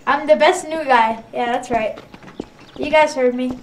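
A young woman with a high voice chats and teases her friend during a game. She giggles easily and talks playfully. The mic sits a bit away from her, and noise is clearly heard behind her. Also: measured pace, distant mic. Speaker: gamer. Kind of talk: casual gameplay chatter.

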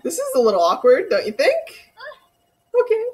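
A woman hosting an anime reaction video, talking casually and reacting with gasps, laughs and quick emotional outbursts. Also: sits high, huge pitch swings, darkish tone. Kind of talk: casual live reaction commentary.

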